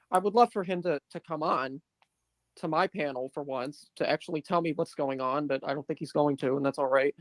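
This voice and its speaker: A panel host chatting casually on a live stream, hesitant and slowly drawn out at times. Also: medium pitch, no echo.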